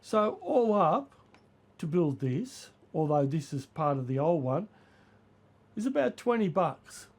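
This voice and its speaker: An older man, hoarse from the flu, chatting casually and rambling through his model railway vlog. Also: a little high, big pitch swings, slow, darkish tone. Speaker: model railway channel host.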